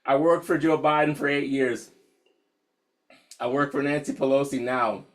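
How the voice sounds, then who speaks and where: With fairly even intonation and a moderate pace, a young American meditation teacher speaks in a mid-range voice as he opens an online session. He's candid and profane, laughs frequently, and calls his listeners y'all.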